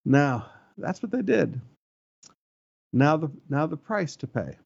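Middle-aged male pastor, gravelly and animated, exclamatory sermon delivery, lo-fi recording. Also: a little high, slow. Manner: emphatic, exclamatory preaching with rhetorical questions. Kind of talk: expository sermon. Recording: dull lo-fi sound.

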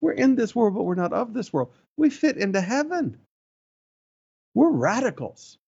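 Middle-aged male pastor, gravelly and animated, exclamatory sermon delivery, lo-fi recording. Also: sits high, normal speed. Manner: emphatic, exclamatory preaching with rhetorical questions. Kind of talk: expository sermon. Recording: dull lo-fi sound.

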